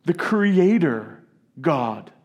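A man's voice: a little high, very animated, lo-fi sound. Emphatic male pastor preaching. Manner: emphatic, with dramatic pauses and shifts from loud to hushed. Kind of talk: sermon.

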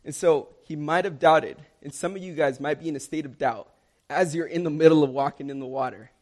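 A man's voice: a little high, fairly quick, a little mellow. A young man preaching a sermon, earnest and emphatic, repeating key lines for stress.

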